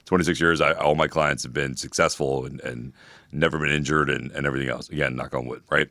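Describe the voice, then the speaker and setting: Man, 40s, personal trainer, casual podcast chat, rambling, quick-talking, dry close mic. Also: extremely low pitch, steady tone, sharp tone, no room sound. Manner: blunt, profane, rambling with many fillers.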